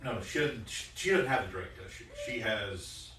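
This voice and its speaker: A man's voice: fairly low pitch, lively intonation, moderate pace, noisy background. A man narrating a tabletop game as game master, casual and rambling with many fillers. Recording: roomy echo from a distant mic.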